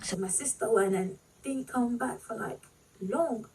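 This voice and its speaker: Fighting back tears, a woman vlogger tells viewers a painful personal story in a fairly high, somewhat dark voice. Her speech is halting and full of "like" and "you know"; she's a bit distant from the mic, with a faint hiss or hum in the recording.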